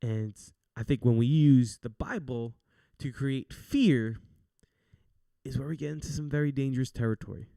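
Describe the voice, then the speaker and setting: A man's voice: mid-range voice, moderate pace, creaky, dark tone, dry recording, clean studio sound. A young man hosting a casual faith talk show, speaking in an earnest, chatty, encouraging way. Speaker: podcast host.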